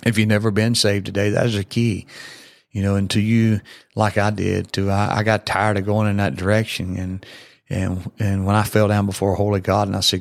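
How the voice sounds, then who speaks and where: A man's voice: on the low side, little pitch movement, moderate pace, vocal fry, no echo, clean studio sound. A man, hosting a podcast and preaching in an earnest, folksy, repetitive way with many fillers. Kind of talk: sermon-style podcast talk.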